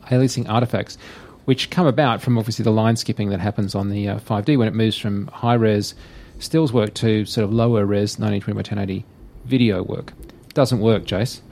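A man's voice: on the low side, a little mellow. A middle-aged man co-hosting a podcast, giving frank, wry gear reviews with blunt verdicts. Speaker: podcast co-host.

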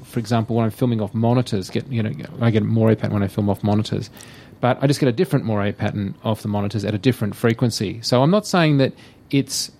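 A man's voice: mid-range voice, mellow. A middle-aged man co-hosting a podcast, giving frank, wry gear reviews with blunt verdicts. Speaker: podcast co-host.

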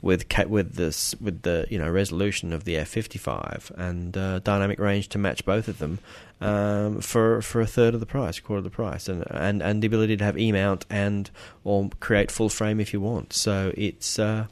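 Australian male podcast co-host, very low voice, dry close sound, rambling chatty delivery. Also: fairly even intonation, normal speed, few pauses, dry recording. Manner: rambling, hesitant, lots of fillers and restarts; self-deprecating. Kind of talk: casual chat.

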